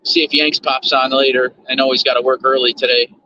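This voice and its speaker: A man's voice: mid-range voice, level tone, brisk, sharp tone, dull audio, slight background noise. Rambling man livestreaming from his car. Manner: rambling, repeats words, talks to chat. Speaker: livestream host. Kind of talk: casual chat while driving.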